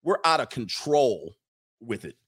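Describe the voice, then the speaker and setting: A man's voice: mid-range voice, sing-song, unhurried, a bit bright, breathy edge. An American man ranting casually and comically to his stream viewers, preaching and reading out their comments. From United States. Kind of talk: casual comedic rant to viewers.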